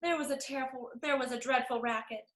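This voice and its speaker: A woman reading a picture book aloud to children in an expressive storytime voice. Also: high-pitched, quick pace. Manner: animated, expressive. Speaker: storytime reader. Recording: roomy echo.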